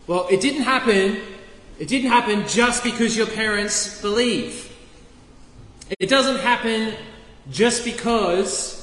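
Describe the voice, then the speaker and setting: A man's voice: sits high, a bit bright, a little hiss or hum. A man preaching as a pastor, playfully quizzing the children during a sermon. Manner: playful, asks the kids questions. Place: church. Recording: echoey church hall, faint ambience.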